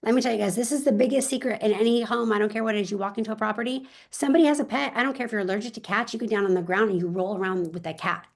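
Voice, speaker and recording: A woman's voice: medium pitch, very fast, hardly any pauses. A woman real estate agent talking in an interview, telling stories with energy and emphasis and speaking straight to her listeners.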